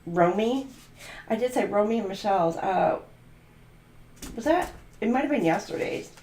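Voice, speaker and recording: A woman's voice: medium pitch, expressive, normal speed, darkish tone, roomy sound, a little hiss or hum. A woman doing a channeled tarot reading, musing aloud and free-associating letters, numbers and words. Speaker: tarot reader.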